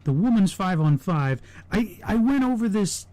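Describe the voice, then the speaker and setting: A man's voice: high-pitched, very animated, moderate pace, mellow, no echo. A young man hosting a podcast, giving opinionated, sarcastic wrestling predictions in casual chat with frequent restarts. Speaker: podcast host.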